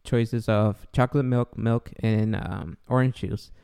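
A man's voice: lowish voice, a little slow, gravelly, smooth. A man in his thirties with a Guatemalan accent, hosting a casual podcast chat and acting out voices as he tells stories. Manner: animated, acts out voices in anecdotes. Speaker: podcast host.

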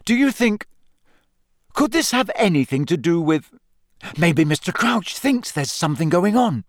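A man's voice: high voice, very animated, a little slow, dry recording, studio quality, voice pushed up. A man voicing an earnest, nervous teenage boy wizard who hesitates a lot. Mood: eager. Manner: hesitant, with fillers.

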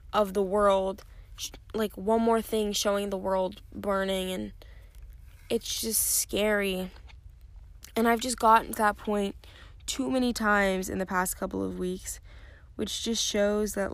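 A young woman talks alone into a close podcast mic, tired and yawning as she rambles candidly with lots of fillers. Her voice has a gravelly fry. The sound is dry and close, with no room around it. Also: mid-range voice, no echo. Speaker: podcast host. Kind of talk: casual solo podcast talk.

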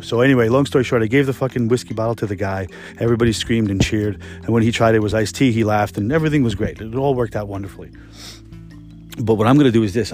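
Fast-talking profane man rambling casually. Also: on the low side, darkish tone. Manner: profane, rambling, laid-back. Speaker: podcast host, restaurant cook. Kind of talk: casual solo storytelling.

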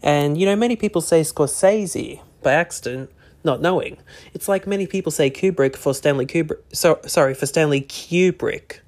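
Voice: medium pitch, quick pace, a little mellow. A podcast host talking alone in a casual, rambling way, with many "you know" and "uh" fillers. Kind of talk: casual solo podcast talk.

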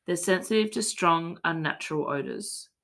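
Australian woman, podcast host, bright voice, mock-serious, playful. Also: on the low side, moderate pace, gravelly. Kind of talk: casual podcast chat, deadpan tall tale.

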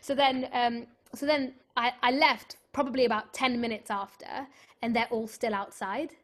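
Young woman, stage actress guest; lively, chatty storyteller with a slightly high voice. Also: normal speed. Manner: animated, chatty, full of "like" and "literally". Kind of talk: casual storytelling in an interview.

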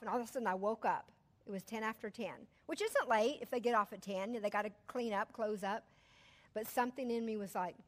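A middle-aged woman, telling a personal story to a church audience in an animated, chatty way and laughing often. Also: fairly high pitch.

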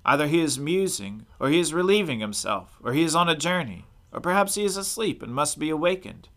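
A defiant male prophet thunders his lines in a forceful, declaiming voice, read aloud by a man. The tone is bright and ringing, like a storybook reading at full volume. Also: mid-range voice, animated, moderate pace. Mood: mocking. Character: bold commanding male prophet, fiery and defiant.

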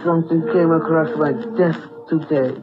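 A man voicing a bossy middle-aged female mob matriarch with a drawn-out, commanding delivery. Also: on the high side, flat delivery, phone-quality sound, over music, pitched above the performer's own voice, natural voice.

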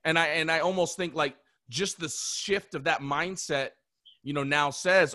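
A man's voice: fairly high pitch, unhurried, pushed and bright, no room sound, studio quality. A man hosting a podcast interview, thoughtful and emphatic, often restarting his sentences. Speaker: podcast host. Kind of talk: reflective interview conversation.

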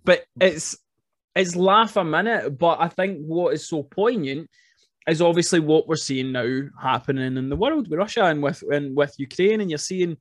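Fired-up guy hosting a film podcast, kinda high voice, rambles w lots of "like", dry close mic. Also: normal speed, no echo. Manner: excitable, rambling, swears, says "like" a lot. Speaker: podcast host. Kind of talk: casual film chat.

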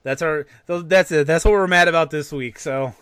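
A man's voice: fairly high pitch, fairly quick, fairly bright tone, clear, resonant tone, no echo, clean studio sound. A man co-hosting a podcast, ranting casually and swearing freely. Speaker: podcast co-host. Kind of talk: casual rant.

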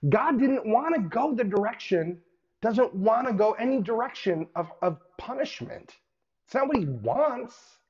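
A man delivering an online sermon in an animated, casual way, with colloquial asides and hushed emphasis. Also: high voice, measured pace. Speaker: preacher. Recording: dull lo-fi recording.

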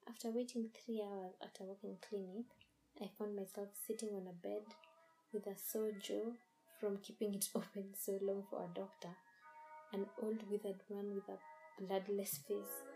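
A woman hosting and reading a scripted horror story in a measured, deliberate storytelling way. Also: mid-range voice, dark tone, poor audio. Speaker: story narrator and host. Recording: music playing underneath.

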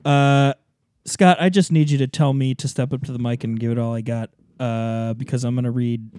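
A man co-hosting a casual show, chatting in a playful, animated way and laughing often. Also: medium pitch, normal speed. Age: adult, married. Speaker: podcast co-host. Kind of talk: casual banter.

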